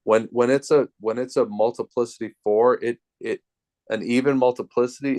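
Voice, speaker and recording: A man tutoring math over a video call, explaining things step by step in a relaxed way. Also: medium pitch, normal speed. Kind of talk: casual tutoring session.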